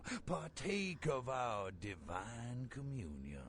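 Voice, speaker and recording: A fanatical Southern cult bishop in a horror video game, a sick vampire villain who coughs through his sermon. He drawls slowly, and his voice soars high and plunges low as he preaches doom. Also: huge pitch swings, crowd noise, heavily acted. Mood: preaching. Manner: preacher's slow booming sermon cadence.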